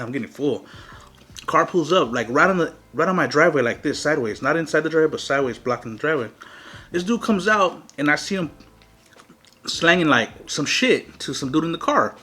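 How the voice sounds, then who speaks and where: A young man with a fairly high voice telling a wild story in a relaxed, slangy way, swearing freely as he goes. He talks between bites, loose and animated, the way you would with friends. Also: normal speed, slightly rough, soft background music. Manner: profane, slangy, animated retelling. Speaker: mukbang host. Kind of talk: casual storytime while eating.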